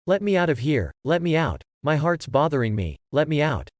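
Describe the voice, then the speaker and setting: A man's voice: a little high, very animated, normal speed, no room sound, clean studio sound. A man reading as a frightened, demanding learner. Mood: urgent. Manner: urgent, demanding. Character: frightened male learner in pain.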